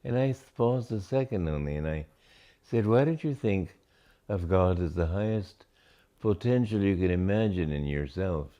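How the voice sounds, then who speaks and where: An older man, a spiritual teacher, giving a reflective talk on scripture, slow and deliberate with many pauses between phrases. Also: low voice, animated, dark tone, lo-fi sound.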